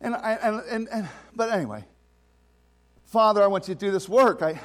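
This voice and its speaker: Animated male preacher, high lively voice. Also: moderate pace. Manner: animated and conversational, with many restarts and sudden swings between soft and loud. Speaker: pastor. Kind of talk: sermon.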